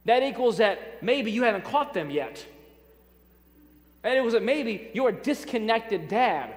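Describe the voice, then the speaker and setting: A man with a high, bright-pitched voice preaches a sermon to his congregation. He speaks emphatically, hammering home key phrases through repetition and dropping in light asides to the crowd. His voice rings out with a long reverb through a church sanctuary. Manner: addresses congregation directly, light humor. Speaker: pastor.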